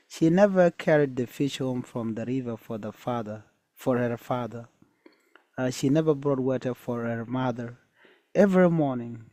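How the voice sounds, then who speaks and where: Slow, hesitant male storyteller, dry and close. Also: medium pitch, darkish tone, dry recording. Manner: hesitant, with many fillers. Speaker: storyteller and teacher. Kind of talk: reading a folktale aloud.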